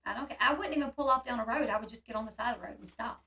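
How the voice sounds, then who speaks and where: A woman's voice: a little high, very fast, far from the mic, a loud crowd. A woman hosting a casual chat, animatedly telling a story and acting out the voices of the people in it. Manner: animated, acts out quoted voices. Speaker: channel host.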